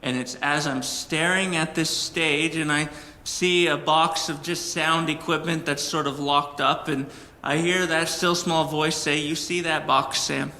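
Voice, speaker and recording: A man preaching a sermon as a personal story, earnest and animated, with emphatic peaks. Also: fairly high pitch, unhurried, few pauses, in a large hall. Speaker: pastor.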